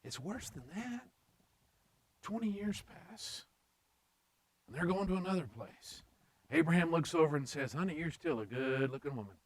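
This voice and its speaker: A man's voice: fairly high pitch, moderate pace, low-quality recording. A man preaching a conversational sermon, mixing joking asides with acted-out paraphrases of scripture.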